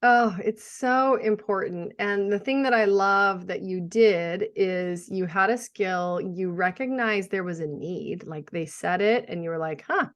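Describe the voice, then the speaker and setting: A woman's voice: medium pitch, unhurried, hardly any pauses. A middle-aged woman hosting a podcast interview, upbeat and enthusiastic, affirming her guest. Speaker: podcast host.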